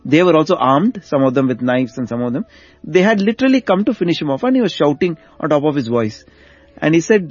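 A man with a notably high, husky voice tells a devotional story with animated delivery, circling back over key phrases. The recording sounds dull and lo-fi, with faint music beneath. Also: quick pace, dry recording. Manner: animated, repeats phrases for emphasis. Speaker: guest storyteller.

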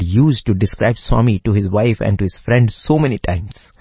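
A man narrating a devotional story in a measured way, pausing phrase by phrase. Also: fairly low pitch, dark tone, breathy edge, no room sound, muffled recording.

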